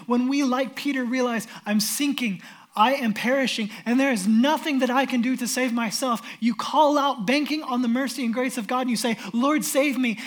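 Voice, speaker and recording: A man preaching as pastor, reading scripture and retelling it in an earnest, emphatic storytelling way. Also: very high-pitched.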